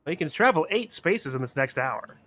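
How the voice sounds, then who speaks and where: A man narrating a tabletop game as game master, describing scenes in a slow, measured way. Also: on the high side, sing-song, a bit bright, dry recording.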